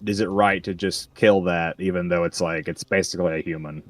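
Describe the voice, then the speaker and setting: A man's voice: low-pitched, fairly even intonation, a little fast, recorded from a distance, faint music behind. A man chatting casually while gaming, rambling with lots of restarts. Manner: rambling, restarts, laughs along. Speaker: gaming streamer.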